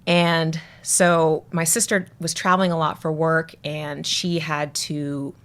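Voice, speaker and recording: A woman's voice: low voice, takes it slowly. A woman from Atlanta, a podcast guest telling family stories in a casual chat, acting out the people she quotes. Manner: animated storyteller, acts out quotes.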